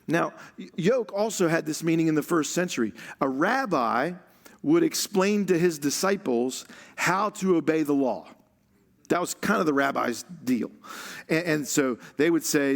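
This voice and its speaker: Casual sermon, male pastor, slightly high voice with some gravel, chuckles as he teaches. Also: expressive, normal speed. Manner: conversational, laughs often, stretches words for emphasis. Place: church stage.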